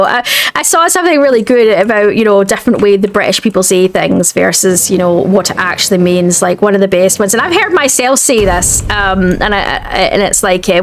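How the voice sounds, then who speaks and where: A woman with a Scottish accent, chatting casually while streaming a game, rambling and often restarting her sentences. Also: mid-range voice. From Scotland. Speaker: gaming streamer. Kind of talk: casual chat while gaming.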